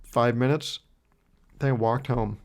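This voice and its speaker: A man's voice: mid-range voice, steady tone, measured pace. A man in his twenties hosting a solo podcast, telling a rambling story in a self-mocking way, laughing often and swearing freely. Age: 20s. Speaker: podcast host.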